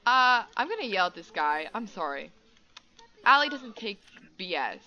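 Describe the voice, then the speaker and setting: A woman's voice: mid-range voice, very animated, moderate pace, sharp tone, low-quality recording. A young woman hosting casual gameplay commentary, giggly and chatty, bossing her characters around. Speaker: gaming channel host. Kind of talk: casual let's-play commentary.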